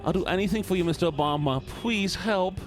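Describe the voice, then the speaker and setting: A man's voice: high voice, fairly quick, soft background music, pitched above the performer's own voice, close to an everyday voice. A man putting on the voice of a panicked drowning man, stammering and pleading for help. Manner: breathless, stammering pleas.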